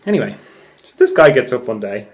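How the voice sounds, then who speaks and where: A man, a therapist hosting a podcast, telling a story in a relaxed monologue, laughing often and swearing casually. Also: mid-range voice, a little fast. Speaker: podcast host; craniosacral therapist.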